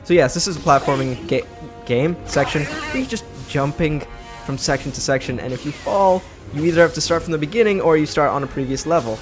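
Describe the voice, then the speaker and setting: A man's voice: fairly high pitch, expressive, fairly quick. A man from Britain giving chatty, sarcastic let's play commentary while he plays. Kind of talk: gameplay commentary. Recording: commentary over game music.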